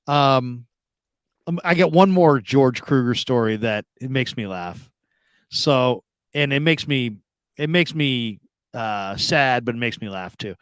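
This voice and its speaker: A man in his fifties, a sports radio host, chatting casually and telling stories, acting out other people's voices with big jumps in pitch. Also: measured pace, clear, resonant tone, no room sound. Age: 50s. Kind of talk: casual sports talk chat.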